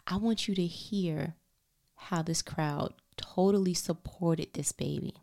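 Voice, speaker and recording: A mother tells a story about her daughter to camera, animated and expressive, speaking directly to listeners. Her voice sits on the low side with a slow pace and vocal fry, and she often drops into whispers.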